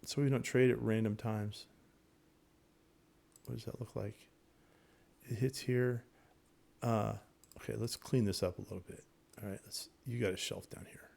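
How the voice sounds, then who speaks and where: Man, gravelly voice, casual trading lesson, excitable, repetitive, addresses viewers. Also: on the low side, normal speed, long pauses. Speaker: day trading instructor.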